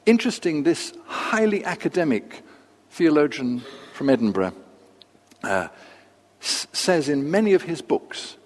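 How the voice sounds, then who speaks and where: An older man preaching a sermon, measured and unhurried, with pauses and asides. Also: on the high side, big pitch swings. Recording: long reverb of a large hall.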